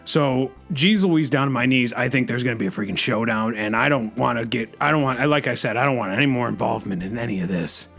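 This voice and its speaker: A man's voice: mid-range voice, fast talker, gravelly, hardly any pauses, fairly bright tone, faint music behind. A man hosting an improvised comedy bit, rambling anxiously and saying freaking constantly.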